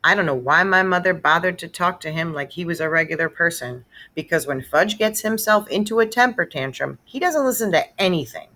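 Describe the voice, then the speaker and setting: A woman reading a children's novel aloud, expressive and storytelling. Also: lowish voice, brisk, few pauses. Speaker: read-aloud narrator.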